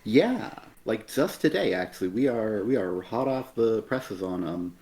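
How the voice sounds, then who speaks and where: A man co-hosting a casual comic review stream, speaking softly in a slightly strained voice left over from an illness, rambling with lots of fillers. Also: fairly low pitch, expressive, measured pace. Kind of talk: casual chat.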